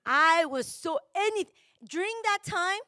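A middle-aged woman pastor delivers an emotional, confessional sermon, her voice swinging widely and climbing into shouts at its peaks. The sound is dry and close. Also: extremely high pitch, expressive, unhurried, no room sound.

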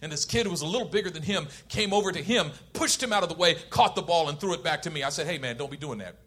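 Raised in Oakland, California, a man preaches a sermon in a high-pitched, animated, fast voice. He moves between loud emphasis and quiet intensity, laughing as he shares a personal story.

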